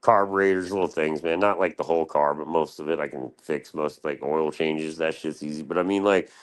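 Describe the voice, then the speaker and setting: A man's voice: very deep voice, fairly even intonation, brisk. A man from Florida casually telling crude, profane stories on a livestream panel, jumping into a raised voice to act out what others said. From Florida, USA. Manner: crude, heavily profane, acts out quotes in a raised voice. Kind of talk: casual storytelling.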